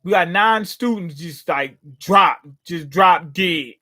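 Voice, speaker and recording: A man's voice: sits high, slow pace, bright, forceful tone. A man hosting a casual live reaction, commenting in a slangy, joking way. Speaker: manga reaction host.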